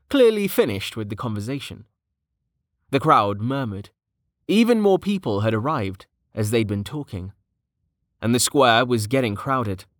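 A man reading a fantasy novel aloud as audiobook narration, in a measured, even manner. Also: medium pitch, no echo, studio quality.

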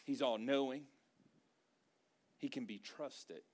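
A pastor preaches to a congregation in a church, his medium-pitched voice slow and conversational. He leans on emphatic, repeated phrases.

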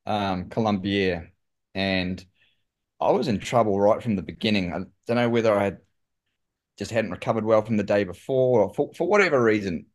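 A man with a New Zealand accent, a guest telling lively stories in casual conversation and saying "mate" often. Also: fairly low pitch, moderate pace. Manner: animated, says "mate" often. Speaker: guest, former pro cyclist. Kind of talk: casual storytelling.

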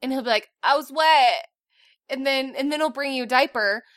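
A woman in her thirties co-hosting a podcast in casual chat, telling animated stories and laughing often. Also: high-pitched, quick pace, no echo, clean studio sound. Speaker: podcast co-host.

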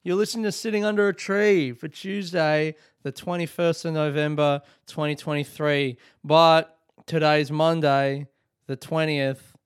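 Sweary young Australian guy, crisp dry sound. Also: fairly high pitch, no echo. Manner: sweary, sarcastic, laughs often. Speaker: podcast host. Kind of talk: casual solo podcast chat. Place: home room.

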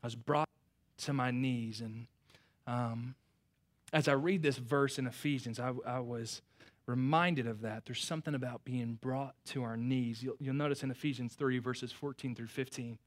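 A man, preaching a sermon earnestly, stumbling over restarts, swelling with feeling and then dropping soft. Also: mid-range voice, steady tone, normal speed. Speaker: pastor.

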